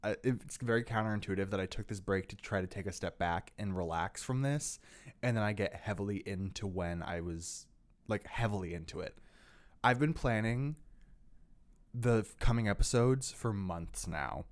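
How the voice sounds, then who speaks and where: A man's voice: on the low side, moderate pace. A man hosting a podcast in casual chat, rambling and leaning on filler words. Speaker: podcast host.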